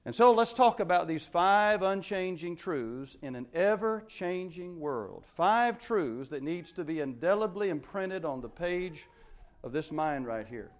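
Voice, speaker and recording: A pastor preaching a sermon, a man who retells scripture in his own words and stresses his points with sudden rises and drops in loudness. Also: high-pitched, animated, unhurried. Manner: emphatic preaching with wide swings in loudness.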